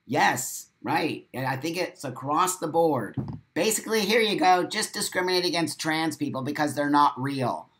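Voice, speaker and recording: A man's voice: on the high side, animated, unhurried, few pauses, a bit bright, a little hiss or hum. A man hosting a live stream, reading out viewer comments and reacting bluntly, repeating himself and swearing for emphasis. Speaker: livestream host.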